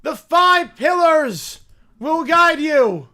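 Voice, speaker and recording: A fanatical young bear preacher bellows orders in a high, strained voice, declaiming every line like a sermon, as a man puts him on. The delivery is loud and drawn out, with pitch climbing well above an ordinary speaking voice. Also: animated, very slow, exaggerated voice. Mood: zealous preaching. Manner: booming, declaiming sermon-like commands.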